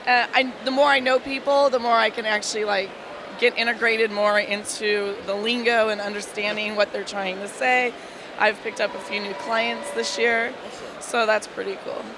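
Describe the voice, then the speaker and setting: A woman comic book editor, hoarse from losing her voice, chatting in an interview and laughing as she tells stories. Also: fairly high pitch, moderate pace. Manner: laughing, animated storytelling. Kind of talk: casual interview. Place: busy convention floor. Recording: noisy convention floor. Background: crowd and hall ambience.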